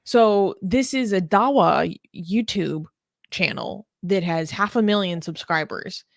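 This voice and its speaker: A woman's voice: mid-range voice, slow, gravelly, no room sound, studio quality. A young woman co-hosting a news talk show in a casual, chatty way with many fillers.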